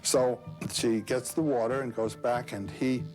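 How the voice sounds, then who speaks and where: Brief: male storyteller, conversational, pauses with fillers, faint music underneath. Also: medium pitch, steady tone, a little mellow, low-quality recording. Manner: halting, with many uh fillers and asides. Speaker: guest storyteller. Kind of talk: retelling a myth in conversation.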